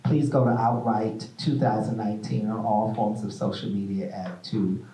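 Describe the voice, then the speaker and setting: A man's voice: on the low side, steady tone, normal speed, mellow. Man, stage interview host, storytelling, playful, echoey hall, mic at a distance. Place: theater stage. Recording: echoey room, mic from afar.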